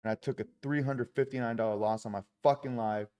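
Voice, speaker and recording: A man's voice: mid-range voice, steady tone, fast, mellow, clean tone. A man live-streaming his day trading, talking through his trades with heavy swearing and frustrated outbursts.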